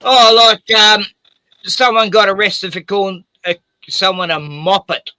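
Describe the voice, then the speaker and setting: A man's voice: high-pitched, steady tone, measured pace, sharp tone, dry recording, poor audio. A middle-aged man hosting a late-night livestream, chatting casually, rambling with restarts, swearing and laughing often. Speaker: livestream host.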